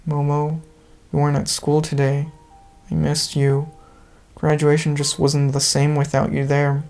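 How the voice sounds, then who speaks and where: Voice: medium pitch, monotone, measured pace, creaky, darkish tone, faint music behind. A gamer reading out the lines of a remorseful teenage girl who confesses her love, earnest and apologetic, as visual novel dialogue. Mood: gentle.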